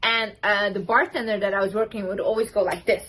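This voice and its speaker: A woman's voice: mid-range voice, steady tone, a little fast, pushed and bright, rough recording. A young woman vlogger giving casual, emphatic confidence advice to camera, full of "like"s and "literally"s. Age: young adult. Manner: chatty and emphatic, many "like"s and "literally"s. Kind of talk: casual motivational talk to camera.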